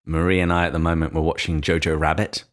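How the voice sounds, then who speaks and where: A man's voice: rumbling low, little pitch movement, fast. A man with an English accent, co-hosting a podcast in an easygoing, chatty way. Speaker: podcast co-host. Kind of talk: casual chat.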